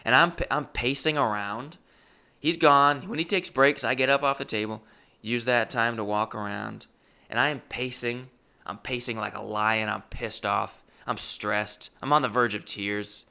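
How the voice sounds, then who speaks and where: A male comedian telling a story in an animated, profane, exasperated way. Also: mid-range voice, creaky.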